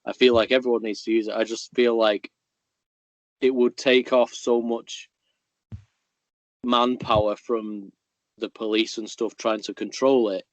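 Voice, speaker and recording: A man's voice: mid-range voice, little pitch movement, a little slow, long pauses, dry recording, muffled recording. A blunt, opinionated man in casual podcast chat. His voice sits close and dry with no room sound. He swears freely and says what he thinks. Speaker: podcast co-host.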